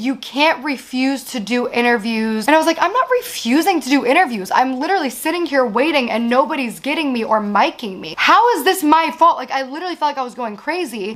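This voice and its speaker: A woman's voice: sits high, fairly bright tone. A woman in her thirties telling a long personal story as host, rambling with lots of "like" and swearing, exasperated as she vents. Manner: rambling, frequent "like" and profanity, exasperated venting. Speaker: show host. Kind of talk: candid storytelling monologue.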